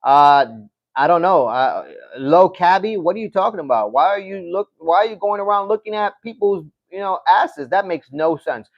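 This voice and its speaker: High-pitched male streamer, casual chat with his audience, animated and loose-mouthed. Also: moderate pace, highs cut off. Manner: animated, talks straight to chat, swears. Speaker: livestream host. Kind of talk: casual livestream chat reading comments.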